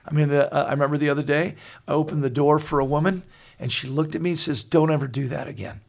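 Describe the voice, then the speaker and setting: A man in his sixties, co-host of a Christian talk show, telling stories in an earnest, halting way with many restarts. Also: a little high, level tone. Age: 60s. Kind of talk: conversational storytelling.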